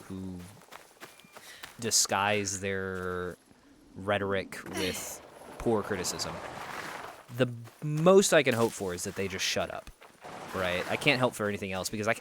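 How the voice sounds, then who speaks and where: A man's voice: fairly low pitch, fairly bright tone, slight background noise. A young man chatting casually as a streamer while he plays a game, rambling and swearing freely. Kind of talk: casual gameplay commentary.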